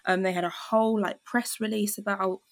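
Woman, host of a film chat podcast, mid-pitched voice, chatty, lots of fillers. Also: steady tone, brisk, vocal fry. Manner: chatty, many fillers, acts out quoted lines.

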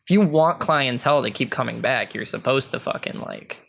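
A man's voice: medium pitch, moderate pace, gravelly, fairly bright tone. A man in casual podcast chat, blunt and crude, swearing freely as he gives his opinions. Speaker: podcast co-host.

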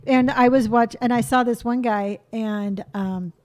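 A woman from California chatting casually as host, talking quickly and freely. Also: a little high, steady tone, a little mellow. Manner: quick, chatty, self-described fast talker. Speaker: YouTuber and host. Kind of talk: casual chat.

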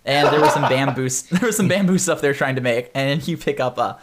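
A man's voice: mid-range voice, fairly quick. A man narrating as game master in a tabletop game, playful and often laughing.

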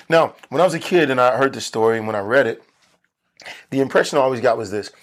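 A man preaching a sermon to a congregation in a conversational way, slowing down for emphasis and often restarting his phrases. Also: mid-range voice.

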